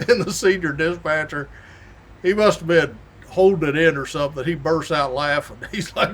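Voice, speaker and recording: Fairly high-pitched and moderately paced over a faint hiss or hum, a middle-aged state police sergeant hosts a weekly show. He tells stories in a folksy drawl, chuckling as he goes, in a casual monologue.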